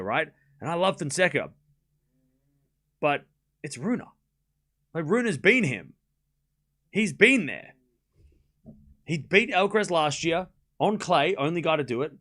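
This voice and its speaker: Rambling young man streaming tennis talk. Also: on the high side. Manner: rambling, filler-heavy, excitable, mocking. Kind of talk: casual live-stream chat.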